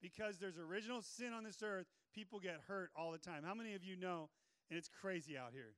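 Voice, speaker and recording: Man preaching a sermon, high smooth voice, dry close sound, energetic and joking. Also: fairly quick, no room sound. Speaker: pastor.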